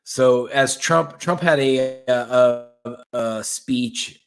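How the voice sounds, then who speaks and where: A man's voice: medium pitch, very slow. A middle-aged man hosting his own podcast, talking bluntly and ramblingly in casual political commentary, swearing freely. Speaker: podcast host.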